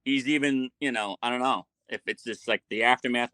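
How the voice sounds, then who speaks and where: Male guest, bright forceful voice, dry close sound, puzzled and questioning. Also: mid-range voice, brisk, dry recording. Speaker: podcast guest. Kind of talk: casual chat.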